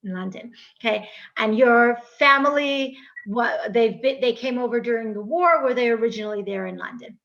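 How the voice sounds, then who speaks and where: American woman, podcast host, gushing casual chat, gravelly fry, muffled lo-fi sound. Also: a little high, normal speed, few pauses, fairly bright tone. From United States. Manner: chatty, gushing, lots of fillers and restarts. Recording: dull lo-fi recording.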